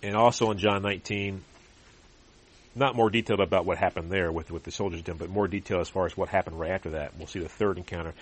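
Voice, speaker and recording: A man preaching a sermon and reading scripture aloud, earnest and growing louder when he makes a point. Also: fairly even intonation, fast, husky. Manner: earnest, rises in pitch and volume when emphatic. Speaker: pastor.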